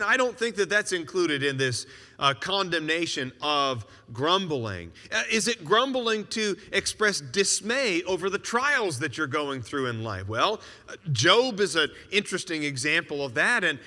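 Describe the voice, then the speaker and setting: A man preaching a sermon, animated and asking rhetorical questions with joking asides. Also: sits high, moderate pace, in a large hall.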